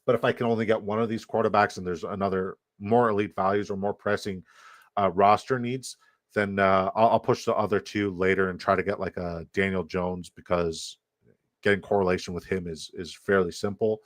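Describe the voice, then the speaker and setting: Brash, profane livestream host, low voice. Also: male voice, steady tone, fairly quick, no room sound. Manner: brash, profane, hype-man delivery. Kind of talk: casual livestream chat.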